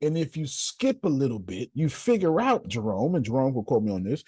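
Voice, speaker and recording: A man teaching like a preacher, his pitch rising and falling widely. The voice is husky and sits close in a dry space. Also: brisk, dry recording. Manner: animated, repeats phrases, calls listeners by name. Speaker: host and teacher. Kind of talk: preaching-style teaching talk.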